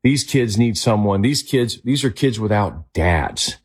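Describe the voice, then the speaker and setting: A man hosting a talk show interview, earnest and animated. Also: lowish voice, a little slow, husky. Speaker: host.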